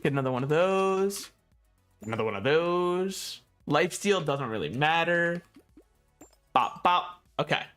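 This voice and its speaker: A young man talks loosely over his gameplay, his voice sitting a little high for a man. He drifts from game choices into joking tangents and laughs often, with faint game music under him. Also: lively intonation, measured pace, fairly bright tone, clean tone. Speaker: game streamer. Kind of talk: casual gameplay commentary.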